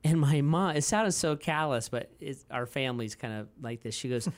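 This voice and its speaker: A man's voice: medium pitch, normal speed, no room sound. A man in his forties, a pastor, talking casually on a podcast, rambling through stories with many fillers and restarts and laughing easily.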